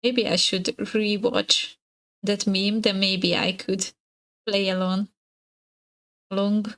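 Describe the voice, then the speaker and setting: A young adult woman who is a native Hungarian speaker chats casually on a live stream, giggling and hesitating, with many fillers and restarts. Her medium-pitched voice is slightly husky and a bit bright, level and slow, and the audio is poor.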